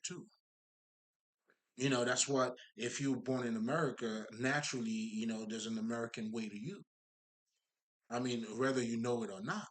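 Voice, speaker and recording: A man giving a casual spiritual monologue, emphatic and profane, rambling with many fillers and asides to his listeners. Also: medium pitch. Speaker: spiritual talker.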